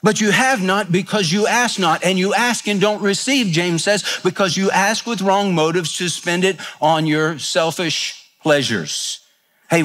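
A man's voice: high-pitched, a bit bright. A man preaching a sermon in an earnest, conversational way, telling stories and acting out quoted voices with humor. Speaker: pastor.

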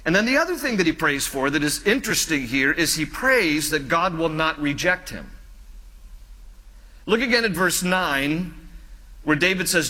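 A male pastor preaching a sermon in an earnest, pleading way, slowing down and dropping softer on key phrases. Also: fairly high pitch, lively intonation, big-room sound.

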